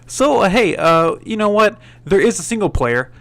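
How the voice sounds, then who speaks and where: A man's voice: high voice, very animated, moderate pace, bright, forceful tone. A man doing a game review voice-over, swearing a lot and stumbling over his words as he complains. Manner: profane and exasperated, stammers and restarts.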